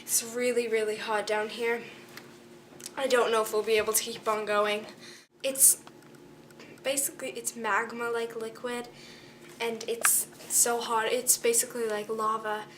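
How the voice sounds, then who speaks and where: A teenage girl narrating an amateur school skit as an explorer, halting with many fillers while reciting facts. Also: a little high, level tone, distant mic, background noise. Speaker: student explorer presenting a school project. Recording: music playing over the voice.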